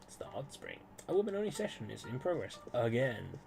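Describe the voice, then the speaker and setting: A male game streamer reads dialogue aloud and cracks jokes between lines. His voice is gravelly, with a lively, wandering pitch. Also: brisk, soft background music. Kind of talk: let's play, reading game dialogue aloud.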